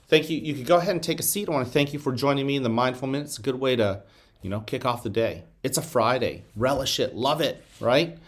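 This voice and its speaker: Man giving school morning announcements. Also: medium pitch. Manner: calm guided breathing, gentle and slow; encouraging, addresses children directly. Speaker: school principal.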